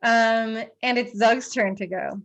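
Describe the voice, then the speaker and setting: Woman DM, higher voice, playful narration full of ums. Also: fairly even intonation, unhurried, a bit bright, highs cut off. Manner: playful, laughing, filler-heavy narration. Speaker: dungeon master. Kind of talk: narrating a tabletop game.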